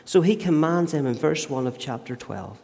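A man's voice: fairly high pitch, animated, moderate pace, creaky, dark tone. A man preaching a sermon, telling a story earnestly and emphatically. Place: church. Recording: long church reverb.

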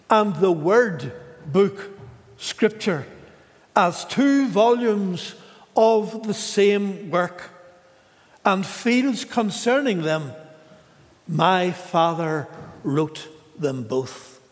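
A man preaching a sermon in a slow, measured way, with dramatic pauses. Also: high voice, in a large hall.

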